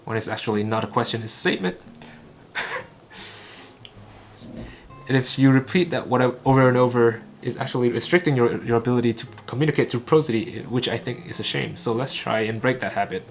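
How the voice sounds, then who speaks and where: A medium-pitched man from Vietnam haltingly shadows a recorded talk, line by line, to practice English. Vietnamese is his first language, and he is also a channel host. His clipped phrases are full of stumbles and restarts, and slight background noise can be heard.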